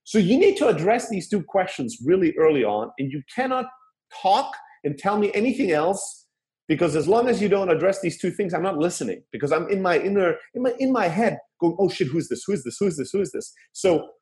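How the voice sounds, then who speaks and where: A man's voice: high-pitched, brisk. A man giving a casual, emphatic talk on phone sales, often checking in with "right?" and dropping the odd curse. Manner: animated and emphatic, with frequent "right?" asides and occasional swearing. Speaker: sales coach. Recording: echoey room.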